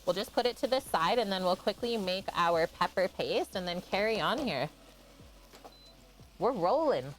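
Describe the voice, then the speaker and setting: A woman's voice: mid-range voice, animated, moderate pace. A woman from Canada chatting casually on a live cooking stream, greeting and thanking viewers by name and laughing often.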